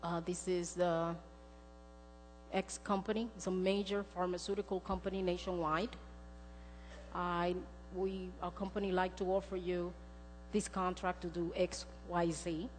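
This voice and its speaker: A woman's voice: on the low side, flat delivery, measured pace, slight background noise. A middle-aged woman giving a sermon with a personal testimony, earnest and storytelling in manner. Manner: earnest, storytelling, acts out quoted dialogue. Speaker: speaker. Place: church sanctuary. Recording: long church reverb, faint music.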